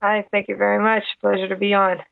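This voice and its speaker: A woman's voice: mid-range voice, monotone, fast talker, vocal fry, no room sound. A woman with a New York accent, a friendly guest talking casually over a video call. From Hudson Valley, New York. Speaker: interview guest. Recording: tinny internet call audio.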